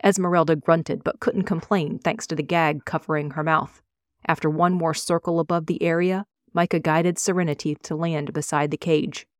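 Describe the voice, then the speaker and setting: A woman reading her own fantasy novel aloud in a measured, expressive narration. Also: low voice, no room sound, clean studio sound. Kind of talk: audiobook reading.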